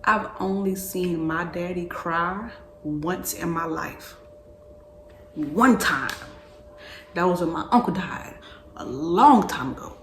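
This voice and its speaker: A woman in her twenties telling a personal story casually, slangy and animated, often repeating herself. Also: fairly low pitch, takes it slowly, long pauses, slight background noise. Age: 20s. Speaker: vlogger. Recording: echoey room with faint ambience.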